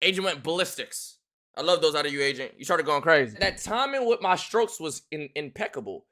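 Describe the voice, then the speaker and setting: A man, reacting live to a rap video as a streamer, loud and excitable, often shouting and laughing. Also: a little high, a little fast.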